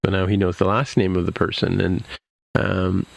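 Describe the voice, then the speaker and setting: A man's voice: deep voice, little pitch movement, moderate pace, creaky, no echo. A man hosting a podcast, recapping a TV episode in casual chat, rambling with many restarts and fillers. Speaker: podcast host.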